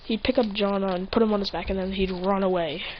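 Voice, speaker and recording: A woman's voice: mid-range voice, fairly even intonation, a little fast, a little hiss or hum. A young-sounding woman rambling through an improvised fan story, often correcting herself mid-sentence, on a lo-fi recording. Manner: rambling, restarts, self-corrections.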